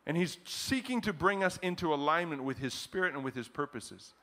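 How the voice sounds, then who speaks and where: A man pastor preaching a sermon, rising to loud declarations and dropping into a quiet, slower prayer. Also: a little high, lively intonation. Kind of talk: closing prayer.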